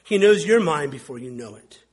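A man's voice: fairly high pitch, lively intonation, normal speed, husky. A man preaching a sermon as a pastor, telling wry stories in a conversational way. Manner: conversational, wry storytelling with mimicked quotes.

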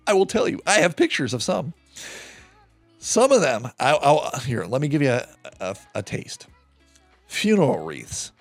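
A man hosting a podcast, retelling a true-crime case in a loose, animated, profane way. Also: fairly high pitch, a little slow, no room sound, faint music behind. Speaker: podcast host. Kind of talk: casual true-crime storytelling.

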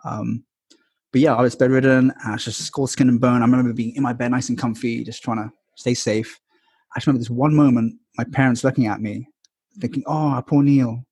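A man's voice: mid-range voice, fairly even intonation, quick pace, darkish tone, husky, no room sound, studio quality. A man in his twenties or thirties, a podcast guest, telling his life story candidly with many ums and likes. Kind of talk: casual storytelling interview.

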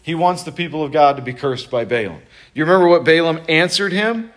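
A male pastor preaching in church, his voice sitting somewhat higher than most men's. He tells the story conversationally, in informal everyday language. He moves easily between retelling and addressing his listeners. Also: brisk, a bit bright, a little hiss or hum. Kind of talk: sermon.

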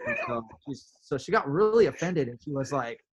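A man telling a story in casual chat, animated, acting out his own quotes with big jumps in pitch. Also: fairly quick, slightly rough.

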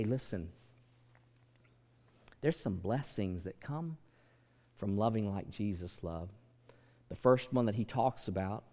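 A man preaching a sermon as pastor, in an animated manner that swings from soft asides to loud, emphatic lines. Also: fairly low pitch. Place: large church sanctuary. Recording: long hall reverb.

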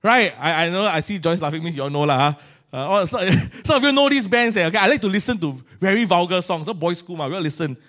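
A middle-aged pastor with a Singaporean English accent preaches a sermon in a colloquial, animated style, acting out little scenes. His voice sits high, and he talks fast with hardly any pauses.

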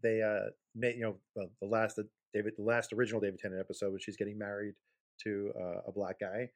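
A man co-hosting a podcast in casual chat, rambling through points with quick asides. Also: flat delivery. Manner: hammy mock-sales pitch in plugs. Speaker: podcast co-host.

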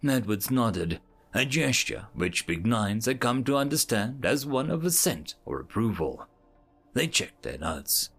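Gravelly male story narrator. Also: mid-range voice, measured pace, faint music behind. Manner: even, descriptive storytelling. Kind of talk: audiobook-style story reading.

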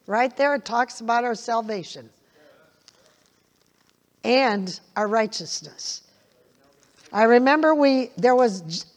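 An older woman preaches slowly, taking her time over each phrase. Her voice sits a little high for a woman, and she keeps breaking into small chuckles. She drives scripture lines home by saying them again and again. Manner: folksy, laughing, repeats scripture emphatically. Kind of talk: sermon.

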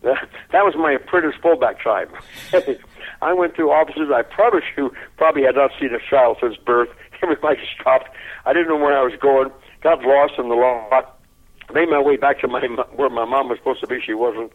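An older man telling a lively anecdote in an interview, chuckling often and repeating his words as he goes. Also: mid-range voice, normal speed. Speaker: interview guest. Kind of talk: anecdotal storytelling. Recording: tinny phone-like line.

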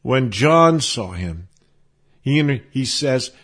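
A man's voice: mid-range voice, very animated, slow pace, a bit bright, breathy edge. A man preaching an earnest sermon, quoting scripture often and closing with a prayer.

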